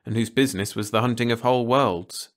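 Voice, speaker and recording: A man's voice: mid-range voice, brisk. Man reading a playful bedtime story. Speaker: audiobook narrator. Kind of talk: scripted bedtime story narration.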